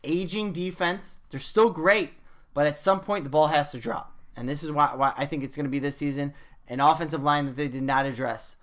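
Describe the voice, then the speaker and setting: A man hosting a casual sports podcast, an animated storyteller who swears freely. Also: a little high, brisk. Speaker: podcast host.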